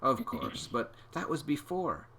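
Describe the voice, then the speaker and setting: A man voicing a bold young girl detective who talks in a confident, bossy, steady way. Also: mid-range voice, measured pace, breathy edge, pitched above the performer's own voice, exaggerated voice.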